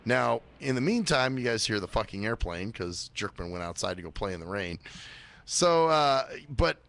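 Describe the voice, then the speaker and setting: A man's voice: animated, moderate pace, gravelly, fairly bright tone. A man hosting a small radio show, rambling and swearing a lot in a casual monologue. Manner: rambling, swears a lot, mimics others in high voices.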